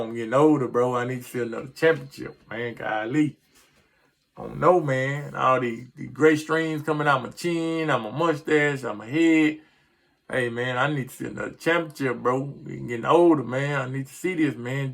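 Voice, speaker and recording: Man, middle-aged, gravelly voice, frustrated rambling sports rant, casual vlog. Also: medium pitch, moderate pace, fairly bright tone. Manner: frustrated, rambling, stumbles over words. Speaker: sports vlogger.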